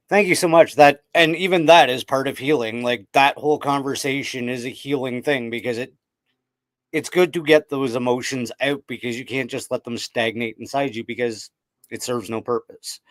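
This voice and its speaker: A man's voice: mid-range voice, normal speed, no room sound. A man, a podcast guest, telling his personal story in a candid, loose way with frequent "like".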